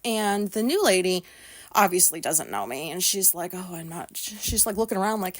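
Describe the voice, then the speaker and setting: A woman's voice: on the low side, expressive, normal speed, dry recording. Brief: American woman vlogger, anxious rambling storyteller, dry close sound, swears a lot. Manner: rambling, swearing, many fillers; anxious retelling, voices others in quotes. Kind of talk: casual storytelling.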